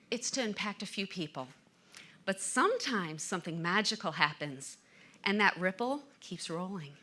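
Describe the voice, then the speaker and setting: A middle-aged woman delivers a motivational stage talk in a bright, clear-edged voice. She tells stories dramatically, building to emphatic swells. Her pitch sits in an ordinary middle range for a woman. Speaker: motivational speaker.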